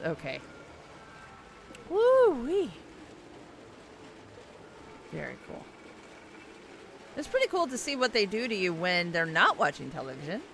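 Hoarse woman reacting as she plays. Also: lowish voice, bright, forceful tone, a little hiss or hum. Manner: reactive, exclaiming, talks to the game. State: hoarse, losing voice. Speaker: let's play gamer. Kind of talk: gameplay commentary.

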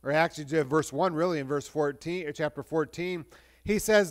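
Pastor, male, high-pitched, conversational sermon delivery with restarts and hushed stretches. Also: moderate pace. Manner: conversational preaching with restarts, shifting between lively and hushed.

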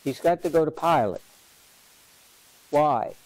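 A man leading a parish Bible study as its teacher, questioning his class and repeating key lines for emphasis in an unhurried classroom lecture. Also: on the high side, a little mellow, no room sound, rough recording. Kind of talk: lively classroom lecture on scripture.

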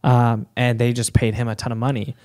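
A man co-hosting a podcast, explaining in casual chat with lots of fillers, his voice rough and hoarse. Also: mid-range voice, little pitch movement, fairly quick, a little mellow. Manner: explaining, filler-heavy, joking. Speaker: podcast co-host.

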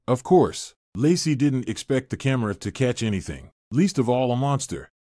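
A man narrates a scripted story in an even, steady storytelling manner. His voice sits at a middle pitch. The recording is dry and close, with no room echo. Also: normal speed.

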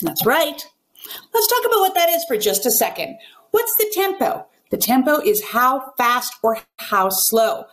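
A woman's voice: high-pitched, big pitch swings, unhurried, fairly bright tone. A woman who works as a ballet pianist, giving an instructional video talk in an emphatic, well-enunciated coaching tone. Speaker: ballet pianist and teacher educator.

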